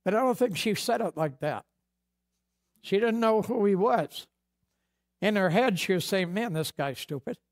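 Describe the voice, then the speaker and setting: New england pastor guy, highish voice, folksy sermon, acts out dialogue. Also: unhurried, long pauses.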